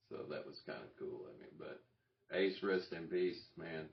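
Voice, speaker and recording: A man with a lowish voice chats casually to his viewers, wandering off-track and chuckling as he goes. He sits back from the microphone in a room with a clear echo, and the sound is muffled and lo-fi. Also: big pitch swings, moderate pace. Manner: rambling, self-interrupting, chuckling. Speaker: YouTube channel host. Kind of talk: casual talking-head vlog. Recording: roomy, distant, dull lo-fi sound.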